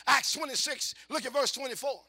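A middle-aged man preaches in a very high voice. His tone is sharp and bright as he moves from quiet asides to fervent shouts. He keeps asking the congregation whether they are with him. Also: a little fast, husky. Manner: folksy, repetitive, questions the congregation. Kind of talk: call-and-response sermon.

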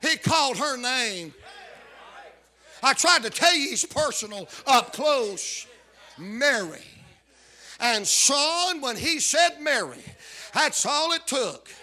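High-voiced preacher shouting his sermon. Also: big pitch swings, takes it slowly. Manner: builds to shouted emphasis, calls out "are you listening".

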